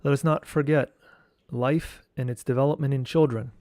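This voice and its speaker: A man teaching esoteric studies, reading a lecture text aloud in a slow, measured way and chanting mantra syllables. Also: medium pitch, steady tone, a little mellow, no room sound, studio quality.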